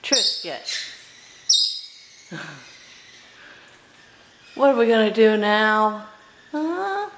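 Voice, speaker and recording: A woman filming her pet parrots at home, coaxing them in a high, sing-song pet voice and laughing often. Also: sing-song, very slow, long pauses. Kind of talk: home video chat with pet birds. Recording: home camera with loud background noise.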